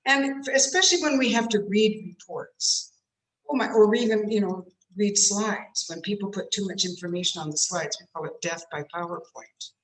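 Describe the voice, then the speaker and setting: At a medium pitch and moderate pace, a woman coaches speakers in an online workshop, shifting her tone demonstratively to model examples. She's calling in from a home room, and her computer's video-call mic leaves a roomy echo.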